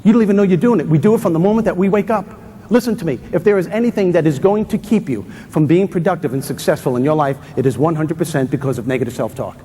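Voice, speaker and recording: Husky guy doing a funny motivational talk on stage, big hall echo, slightly high voice. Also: fast talker. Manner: punchy, energetic, emphatic. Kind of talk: comedic motivational keynote. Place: large hall before an audience. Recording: reverberant hall.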